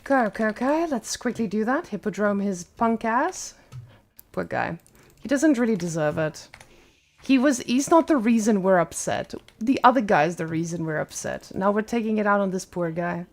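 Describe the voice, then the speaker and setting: A woman giving live gameplay commentary as a streamer, animated and blunt, cursing freely. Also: mid-range voice, moderate pace. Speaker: streamer playing a strategy game.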